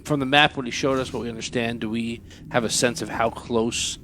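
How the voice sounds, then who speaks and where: Halting, questioning male player. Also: mid-range voice, steady tone, bright, forceful tone, a little hiss or hum. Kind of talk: tabletop role-play.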